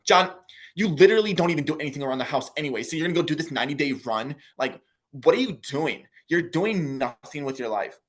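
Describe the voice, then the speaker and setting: Rapid-fire, raised-pitch nagging girlfriend, fed up and dismissive, put on by a man. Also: animated, close to an everyday voice. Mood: exasperated. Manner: fast, exasperated nagging. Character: annoyed dismissive girlfriend, young woman.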